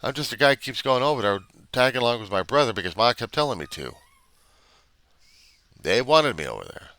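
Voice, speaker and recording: A man's voice: mid-range voice, very animated, brisk, bright, forceful tone, dry recording. Blunt, profane man in a confessional vlog. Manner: blunt, profane, rambling and self-questioning. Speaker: recovery video diarist. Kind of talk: unscripted confessional monologue.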